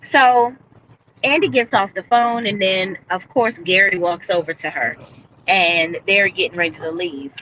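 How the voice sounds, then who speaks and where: A woman gives a casual, outspoken recap of a TV episode on a live stream, talking straight to her viewers. Her voice sits in a middle pitch, picked up by a headset mic with a slightly dull sound and a faint hiss behind her. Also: unhurried. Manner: blunt, opinionated, talks straight to viewers. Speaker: TV show reviewer. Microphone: earbud headset.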